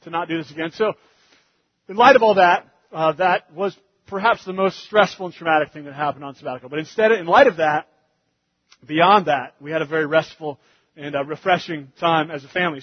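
Husky-voiced pastor telling a story. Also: male voice, fairly high pitch, dull audio. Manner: animated storyteller, grows loud and fast in funny parts. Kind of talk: sermon storytelling.

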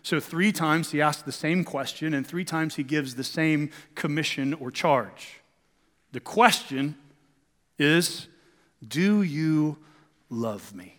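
A man's voice: on the high side, fairly even intonation, slow, fairly bright tone, in a large hall. A male pastor preaching a sermon in a church, talking conversationally with rhetorical questions and emphatic swings.

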